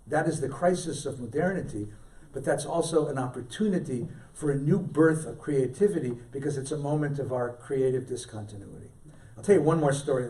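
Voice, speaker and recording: A rabbi from California, appearing as a guest scholar, tells stories to a congregation in a synagogue hall. His medium-pitched voice is picked up by a distant mic in the echoey room, and his anecdotes are warm and self-deprecating.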